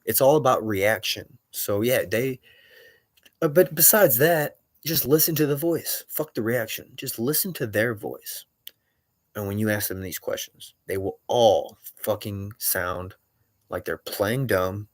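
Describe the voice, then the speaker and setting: A man's voice: mid-range voice, animated, moderate pace, no echo. A man talking in an agitated, profane, rambling monologue, often stopping to correct himself.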